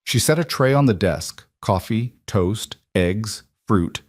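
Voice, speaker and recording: A man narrating a dramatic story in an even, measured way. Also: lowish voice, no room sound, studio quality.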